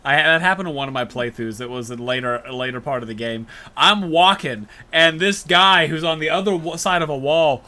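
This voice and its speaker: A man's voice: fairly high pitch, fairly quick, hardly any pauses, pushed and bright. A man co-hosting a casual gaming podcast, rambling through a game's story and acting out characters' lines as jokes. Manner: rambling game recaps with joking acted-out quotes. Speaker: podcast co-host.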